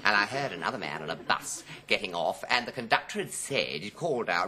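A man's voice: medium pitch, big pitch swings, quick pace, few pauses, over a noisy crowd. A man in his fifties, a chat show guest who tells anecdotes theatrically and jumps into voices. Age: 50s. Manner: theatrical storyteller, jumping into voices.

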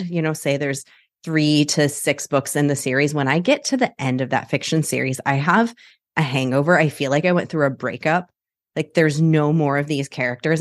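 A woman hosting a solo podcast, talking in a chatty, animated way and laughing often. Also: deep voice, no room sound, studio quality. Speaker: podcast host. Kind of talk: casual solo podcast talk.

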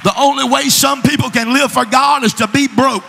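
A man's voice: very high voice, fairly even intonation, normal speed, creaky, sharp tone, some chatter behind. A man preaching a storytelling sermon, acting out the people he quotes. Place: church sanctuary. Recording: church hall reverb with faint music.

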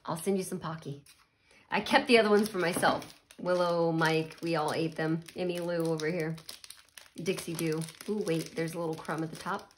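A woman's voice: deep voice, fairly even intonation, normal speed, a little hiss or hum. A woman chatting casually while tasting snacks, murmuring and laughing as she eats. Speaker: snack reviewer.

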